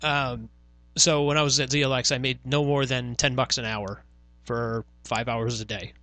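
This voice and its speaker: A man's voice: medium pitch, flat delivery, normal speed, bright, forceful tone, no echo. Profane young man telling a story. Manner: profane, rambling, many fillers. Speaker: podcast host. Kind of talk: casual storytelling chat.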